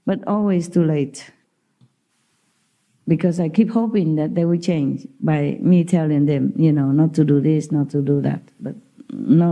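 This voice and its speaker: A woman's voice: low voice, mellow. A woman spiritual teacher giving an informal talk to disciples, telling stories in simple non-native English and laughing often.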